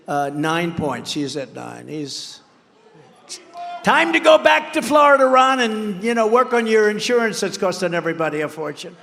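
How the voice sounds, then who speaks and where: Man, campaign rally speech, high voice, rambling and boastful, long reverb of a large venue. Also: vocal fry, pushed and bright, slight background noise. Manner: mocking rivals by acting out their words. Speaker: political candidate.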